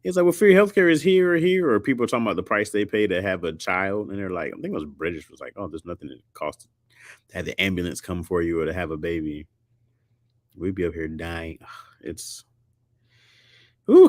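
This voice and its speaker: A man from the United States chatting casually and jokingly with his audience, often jumping into a high squeaky pitch for emphasis. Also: moderate pace, dry recording, studio quality. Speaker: streamer host. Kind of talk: casual chat.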